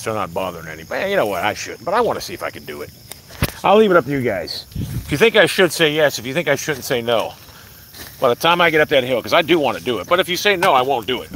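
A man livestreaming outdoors on his phone, rambling excitably to his viewers and swearing freely. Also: medium pitch, a little hiss or hum. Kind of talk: outdoor live stream chat. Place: outdoors by a hill.

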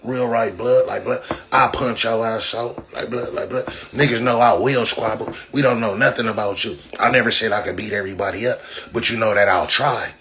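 A man's voice: on the low side, steady tone, fairly quick, pushed and bright. A man, talking brashly on his own livestream and mocking the viewers in his comments with profane trash talk. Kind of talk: livestream rant. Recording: noisy phone livestream audio.

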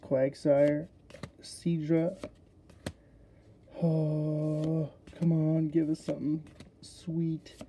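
Excitable man with a very dark, mellow voice. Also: fairly high pitch, extremely slow, pauses often, a little hiss or hum. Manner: excitable, chatty, talks straight to viewers. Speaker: card-opening video host. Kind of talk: casual unboxing commentary.

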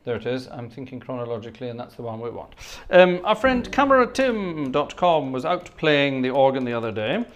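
A man's voice: medium pitch, very animated, lo-fi sound. A middle-aged man with a posh Scottish accent, chatting casually with viewers on a livestream and thanking them effusively. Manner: chatty, effusive, quick thanks like 'gosh' and 'splendid'. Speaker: livestream host and organist. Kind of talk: casual livestream chat reading the chat.

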